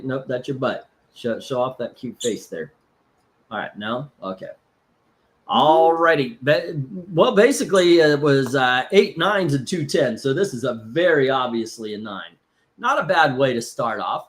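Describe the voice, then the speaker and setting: Hosting a casual live stream, this man from Florida meanders along, filling his speech with fillers and restarts. His medium-pitched voice has lively intonation, and he takes his time.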